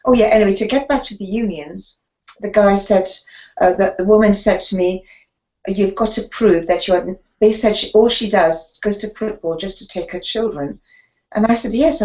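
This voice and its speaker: An older woman, appearing as a guest in a storytelling interview, recounts tales from her career as a sports photographer, animatedly slipping into the voices of people she quotes. Her mid-range voice moves at a moderate pace, and the audio is slightly dull and muffled.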